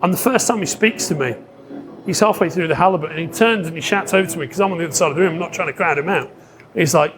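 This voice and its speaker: A man spins an anecdote in relaxed podcast chat, his voice sitting notably high for a man. He acts out scenes, laughs often and swears freely. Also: quick pace, background noise. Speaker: podcast guest telling stories. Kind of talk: casual chat.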